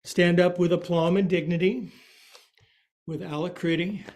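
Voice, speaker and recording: A man's voice: sits high, steady tone, measured pace, a little mellow. A man teaching a guided yoga class, calling out poses, counting holds aloud and joking about words along the way. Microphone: livestream from his own space.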